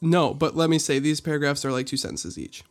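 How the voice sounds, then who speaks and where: A man's voice: on the high side, expressive, brisk. A man co-hosting a podcast, chatting casually and playfully while reading out a news article. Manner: rambling, playful, laughs often. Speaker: podcast co-host.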